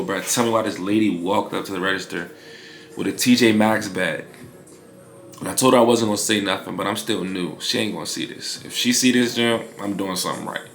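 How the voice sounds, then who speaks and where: Laid-back gravelly young man vlogging. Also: sits low, a bit bright, roomy sound, a little hiss or hum. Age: 20s. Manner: laid-back, slangy, rambling with fillers. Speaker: vlogger building a clothing brand. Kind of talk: casual vlog talk.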